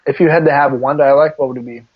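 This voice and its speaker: A man's voice: medium pitch, fairly even intonation, fast talker, husky. A man co-hosting a podcast in casual chat, teasing and laughing often. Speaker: podcast co-host. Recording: dull lo-fi recording.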